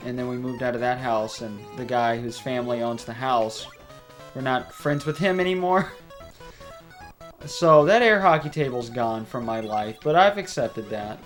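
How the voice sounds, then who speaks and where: A man's voice: medium pitch, normal speed, soft background music. A young man hosting a game playthrough, chatting casually and rambling off on tangents while he laughs often. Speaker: let's play host. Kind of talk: gameplay commentary. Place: home room.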